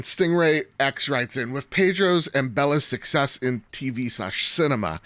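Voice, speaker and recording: Animated young man co-hosting a podcast. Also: mid-range voice, no echo. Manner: animated, rambling, laughs often. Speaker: podcast co-host. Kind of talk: casual podcast chat.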